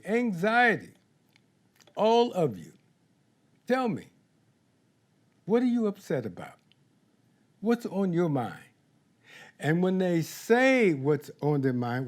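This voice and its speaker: Male minister, high lively voice, slow, unhurried sermon delivery. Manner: slow, animated, acts out little scenes.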